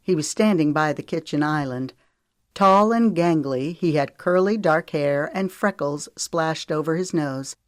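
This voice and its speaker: A woman narrating an audiobook in a calm, measured storytelling manner. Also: low voice, no echo, clean studio sound. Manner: calm, measured storytelling with lifted voices for dialogue. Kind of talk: scripted narration.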